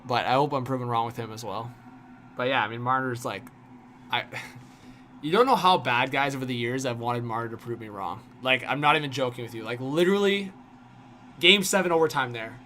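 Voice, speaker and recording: A man's voice: mid-range voice, brisk, bright, forceful tone, slight background noise. A young man hosting a casual hockey livestream, rambling with lots of fillers while answering chat. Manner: rambling, filler-heavy, frequent "like". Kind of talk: casual live stream commentary, reading chat.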